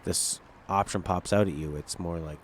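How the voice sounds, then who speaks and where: A man's voice: sits low, fairly even intonation, normal speed, noisy background. A male game streamer rambling through casual, opinionated, jokey commentary while he plays.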